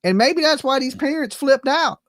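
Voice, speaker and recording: A woman's voice: high-pitched, expressive, normal speed, no echo. A woman ranting in casual chat, profane and exasperated, rambling with frequent restarts. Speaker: livestream host. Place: home.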